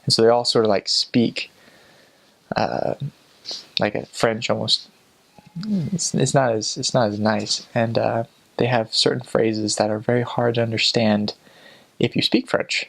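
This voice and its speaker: Young guy with a gravelly voice, chatty and amused, lots of uh and like. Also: medium pitch, a little slow, pauses often. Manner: relaxed, amused, chatty with frequent fillers. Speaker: returned missionary. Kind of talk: casual storytelling.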